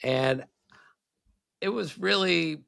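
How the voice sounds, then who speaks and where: His voice runs on the high side, creaky, bright, and forceful, with drawn-out words and no room sound. The sixty-something co-host and former baseball writer spins rambling baseball tales in casual chat, often bursting into laughter.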